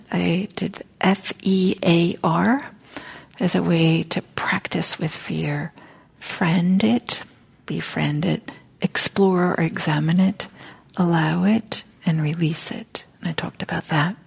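Woman, meditation teacher, dharma talk, soft and halting, near-whispered, gravelly, husky. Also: fairly low pitch, steady tone. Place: meditation center.

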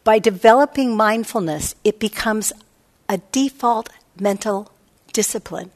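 A woman's voice: medium pitch, unhurried. A woman meditation teacher giving a reflective dharma talk, often voicing her own inner thoughts. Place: meditation hall.

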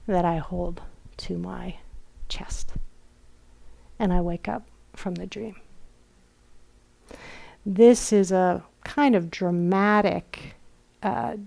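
A middle-aged woman giving a dharma talk as a meditation teacher. She tells stories gently and softly, dropping at times into a near whisper. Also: lowish voice, vocal fry. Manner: slow, gentle storytelling with soft whispered asides. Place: retreat center meditation hall.

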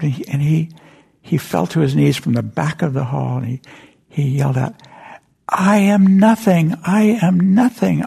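Older man, dharma talk; dark, raspy voice, halting and soft-spoken. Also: medium pitch. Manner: gentle, halting storytelling with frequent whispered asides. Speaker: meditation teacher. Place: meditation center hall.

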